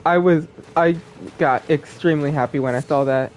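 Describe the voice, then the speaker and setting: Excitable high-voiced male streamer. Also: moderate pace, a little hiss or hum. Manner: excitable, rambling, gushing. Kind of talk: casual live-stream gameplay chat.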